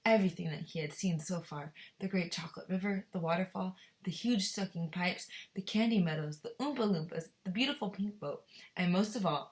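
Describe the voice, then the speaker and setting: Lady teacher reading a kids book aloud, low-ish voice, asks the class questions as she goes. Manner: expressive, pauses to ask questions. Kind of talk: reading a novel aloud to children.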